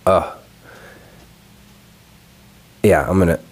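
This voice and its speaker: With a low, husky voice and drawn-out words, a young video host rants about something he ran into online that annoyed him. It's casual and profane, delivered with animated exasperation, and he recorded it alone at home.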